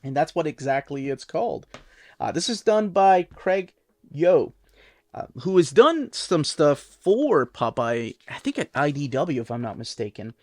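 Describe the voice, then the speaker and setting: An adult who watched reruns as a kid casually shows and reviews comic books, rambling enthusiastically with plenty of fillers. His voice is on the high side with big pitch swings, a little slow, and there's no room sound.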